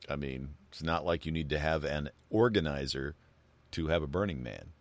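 A man's voice: a bass voice, normal speed, dry recording. A man co-hosting a casual talk show, rambling and joking, with many restarts and fillers. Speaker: co-host. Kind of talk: casual chat.

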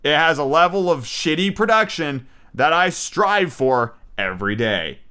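A man's voice: fairly high pitch, expressive, unhurried, sharp tone, smooth. A man hosting his own podcast, rambling and swearing casually as he gives his opinions, with lots of ums and restarts. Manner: rambling, profane, opinionated, with many fillers. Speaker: podcast host. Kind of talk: casual solo podcast review. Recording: home-made unedited podcast.

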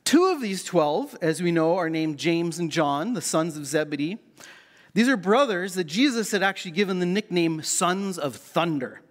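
A man's voice: high-pitched, expressive, moderate pace. A middle-aged man from Canada preaching a sermon as pastor, playful and self-mocking as he tells the story.

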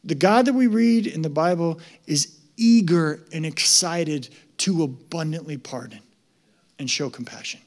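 High-voiced, conversational, emphatic male pastor. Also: a little slow. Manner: conversational, emphatic, rising to loud excitement. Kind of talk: sermon.

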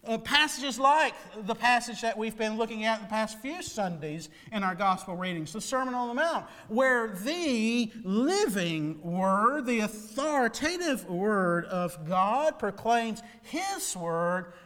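A man delivers a sermon in a high, lively voice that swoops up and down with dramatic emphasis. He takes his time, letting each phrase land. The sound rings with the long reverb of a large hall. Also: slow pace. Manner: animated preaching with dramatic swings in pitch and loudness. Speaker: pastor.

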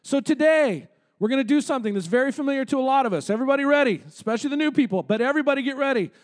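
Male pastor, very high voice, casual joking sermon in a church. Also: animated, racing. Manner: conversational, joking preacher with asides. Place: church sanctuary.

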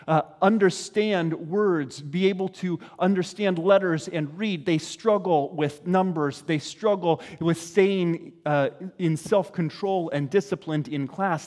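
A high, slightly mellow male voice carries a long reverb tail as the pastor gives a conversational sermon. He frequently asks "right?" and briefly voices both parents and children.

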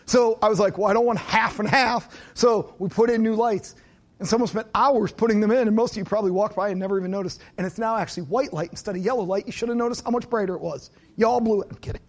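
A pastor preaching in a high voice. He keeps it conversational, dropping in jokes and asides to his congregation. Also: darkish tone. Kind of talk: sermon.

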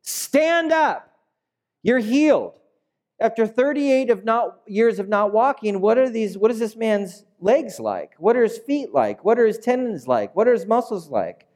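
A man's voice: high-pitched, big pitch swings, moderate pace, hardly any pauses, a little mellow. A man preaching a sermon in a conversational way that builds to emphatic peaks. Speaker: pastor.

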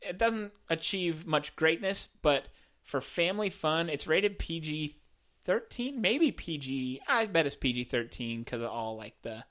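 Male podcast co-host: casual, slow-paced, animated pitch, laughs easily, drifts off mid-sentence. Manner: relaxed, laughs often, trails off mid-sentence. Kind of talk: casual chat.

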